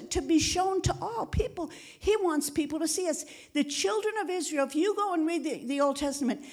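High-pitched woman preaching with emphasis. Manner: emphatic preaching with frequent call-outs for amen. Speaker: pastor. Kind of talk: sermon.

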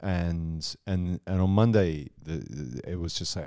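A man's voice: deep voice, warm tone, no echo, clean studio sound. A man co-hosting a podcast, rambling and restarting as he muses in casual chat. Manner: rambling, halting, many restarts. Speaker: podcast co-host.

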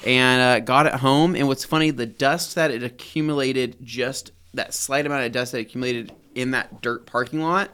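Smooth-voiced man in casual chat. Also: medium pitch, moderate pace, hardly any pauses. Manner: rambling, animated storytelling with fillers. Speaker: podcast co-host.

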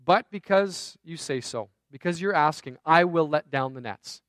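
A man's voice: fairly high pitch, animated, normal speed, a bit bright, no room sound, studio quality, pitched below the performer's own voice. Simon Peter, as a male preacher voices a tired fisherman. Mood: weary. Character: Simon Peter, weary fisherman, grown man.

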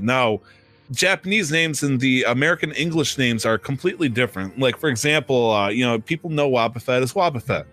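A man's voice: medium pitch, lively intonation, a little fast, fairly bright tone, faint music behind. A man co-hosting a podcast, chatting casually in a rambling way with many fillers and restarts. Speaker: podcast co-host. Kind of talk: casual chat.

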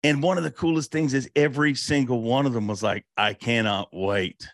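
A man hosting a casual interview chat, asking relaxed questions of a guest. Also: mid-range voice, quick pace, no room sound, clean studio sound. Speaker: interview host.

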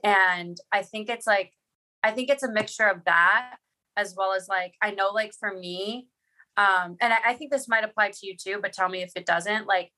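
A woman from Boston chats as a podcast guest, with a bright, forward tone. She rambles along with lots of filler words. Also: mid-range voice, normal speed. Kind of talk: casual podcast chat.

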